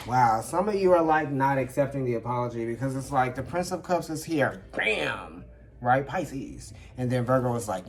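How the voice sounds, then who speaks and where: A man giving a casual tarot reading to camera indoors under a ring light. He is chatty and expressive, checks in with his listeners often and calls them honey. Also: medium pitch, moderate pace, soft background music. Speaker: tarot reader.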